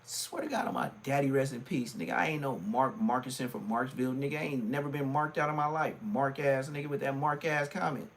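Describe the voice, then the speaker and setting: Middle-aged man, livestream rant, animated, mocking high jumps. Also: brisk, hardly any pauses, slight background noise. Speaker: livestream host. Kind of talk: casual ranting livestream.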